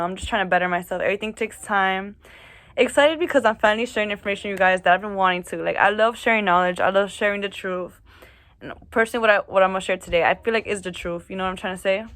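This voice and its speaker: A woman's voice: mid-range voice, a bit bright, no echo. A woman vlogging casually to camera, chatty and a little nervous, with many fillers and restarts. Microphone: camera mic, reading notes off camera.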